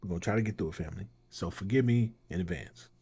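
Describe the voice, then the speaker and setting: A man's voice: low voice, quick pace, gravelly, background noise. A man hosting a casual reaction commentary, talking loosely and rambling. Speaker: commentary host.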